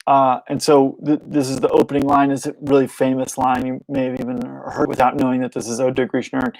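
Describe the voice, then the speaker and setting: A man's voice: mid-range voice, flat delivery, a little fast, a little mellow, no echo, rough recording. A young man hosting a loose, unscripted show at home, rambling and correcting himself as he goes and chuckling often. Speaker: podcast host. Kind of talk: casual unscripted monologue. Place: home room, lit with a clamp light.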